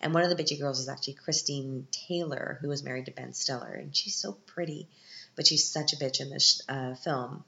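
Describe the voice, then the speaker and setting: A woman with a very deep, gravelly voice chats through a casual film recap, candid and wry. The sound is roomy and a bit dull and lo-fi. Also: a little fast, sharp tone. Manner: chatty, candid, sarcastic asides. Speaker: podcast host. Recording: echoey, dull lo-fi room.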